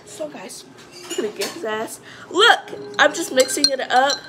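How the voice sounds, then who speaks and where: A young woman vlogging casually, rambling excitedly and calling her viewers "guys" as she talks through a prank. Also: high-pitched, normal speed, heavy background noise. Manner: rambling and chatty, often addresses the viewers as guys; excitable, with frequent fillers and restarts. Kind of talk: casual chat to camera.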